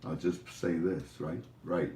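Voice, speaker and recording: A man's voice: low-pitched, steady tone, a little slow, mellow, slight background noise. A man hosting a livestream, talking in a rambling, jokey way. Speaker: livestream host. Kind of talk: rambling casual commentary. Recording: echoey room, far from mic.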